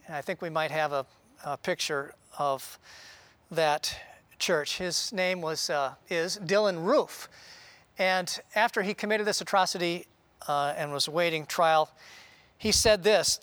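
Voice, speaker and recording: A man preaching a sermon in an earnest, conversational way, often pausing with "uh". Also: fairly high pitch, a bit bright, no room sound. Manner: earnest, conversational, with frequent "uh" pauses. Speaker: pastor.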